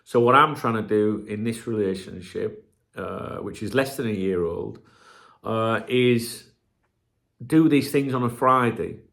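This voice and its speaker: A man's voice: on the low side, measured pace, vocal fry, a bit bright. A middle-aged man, talking to camera in a rambling, sweary, casual chat as a channel host.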